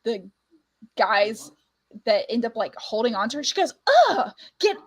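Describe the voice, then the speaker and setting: A woman's voice: fairly high pitch, normal speed, rough recording. A woman hosting a book club podcast in casual chat, laughing often as she quotes film lines. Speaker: parent.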